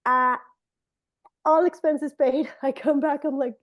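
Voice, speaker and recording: A middle-aged woman, a native Spanish speaker, telling a personal story in a casual, animated way and jumping into high, excited voices when she quotes people. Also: slow pace, long pauses. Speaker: speaker sharing a testimony.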